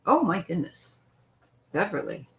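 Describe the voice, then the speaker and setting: Woman tarot reader hosting a live stream, lower pitch, very slow pace, chatty and rambling. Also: big pitch swings, a bit bright, rough recording. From western United States. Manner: chatty, meandering, greets viewers by name. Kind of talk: casual live-stream chat and tarot reading.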